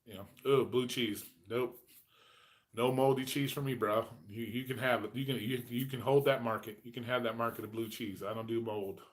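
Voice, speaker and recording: A man's voice: mid-range voice, fairly even intonation, normal speed. A man in his forties hosting a casual livestream chat, telling rambling, profane stories. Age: 40s. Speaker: host.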